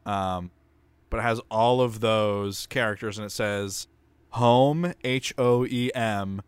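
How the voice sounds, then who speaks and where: A man's voice: on the low side, takes it slowly, clear, resonant tone, dry recording. A man co-hosting a podcast in casual chat, making dry jokes. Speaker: podcast co-host.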